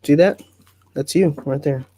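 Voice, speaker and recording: A man's voice: a little high, unhurried, dark tone, slight background noise. A man hosting a casual livestream from home, chatting easily and reading viewer comments aloud before answering them. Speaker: livestream host.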